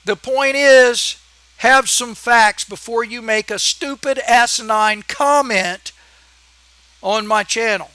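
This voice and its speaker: A man with a strikingly high, piercing voice rants on his own channel in a heated, emphatic way, scolding his critics as he goes. The sound is dry and close, with no room in it. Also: slow, pushed and bright, clear, resonant tone, no room sound. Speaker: channel host. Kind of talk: ranting political vlog monologue.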